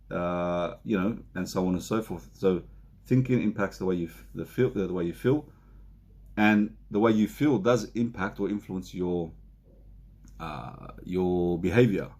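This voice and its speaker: Male counsellor, very low gravelly voice, relaxed filler-heavy delivery. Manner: unhurried, many fillers and restarts, acts out example speakers. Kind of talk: self-help talk to camera.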